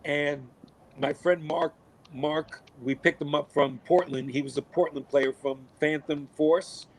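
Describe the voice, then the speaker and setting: A middle-aged man, a podcast guest, telling stories in a casual, animated way, cursing freely and acting out what people said. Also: a little high, unhurried, poor audio. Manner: animated, swears a lot, acts out quotes. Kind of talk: casual storytelling.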